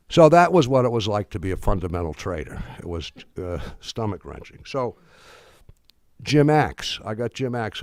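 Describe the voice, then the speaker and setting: An older man giving a talk to an audience, telling a story in a halting, wry way with many restarts. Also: on the low side, darkish tone, no echo, studio quality.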